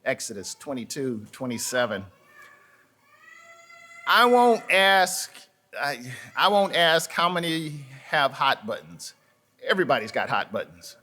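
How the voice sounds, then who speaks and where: Pastor guy preaching slow in church, bright tone, lots of y'all asides and restarts. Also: a little high. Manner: folksy storytelling with asides to the congregation; halting, repeats words and restarts. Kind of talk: sermon. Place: church sanctuary.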